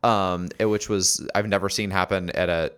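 A man's voice: low voice, little pitch movement, moderate pace, fairly bright tone, clean tone. A man co-hosting a podcast, chatting casually and telling anecdotes full of ums, acting out the people in his stories. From Los Angeles area resident. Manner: rambling with many ums, acts out voices in his stories. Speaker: podcast co-host. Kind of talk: casual chat, storytelling.

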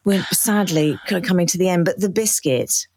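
A woman from the West Country of England hosts a podcast, playfully asking her guest questions. Her voice sits a little low for a woman. The sound is close and dry. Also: moderate pace, darkish tone, dry recording. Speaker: podcast host. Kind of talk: casual podcast chat.

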